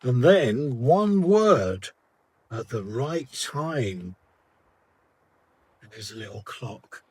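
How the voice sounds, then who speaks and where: A man who coaches sales, giving a reflective storytelling talk in a measured way that trails off softly at the ends of phrases. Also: mid-range voice, big pitch swings, slight background noise.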